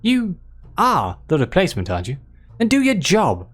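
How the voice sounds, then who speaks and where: A fussy, bald, impatient male stage magician with a posh English accent, as a man puts him on. He talks in huffy, demanding bursts, his voice rising and falling in a lively way. Faint music hums behind him. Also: high voice, moderate pace, voice pushed up, heavily acted. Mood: curt.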